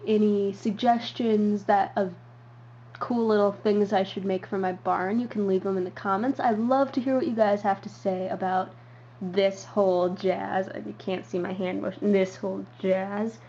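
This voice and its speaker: A woman's voice: medium pitch, fairly even intonation, moderate pace, mellow. A young woman giving a casual show-and-tell tour as a vlogger, rambling with lots of ums and uhs. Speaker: model horse hobby vlogger. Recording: dull lo-fi home recording with faint hiss.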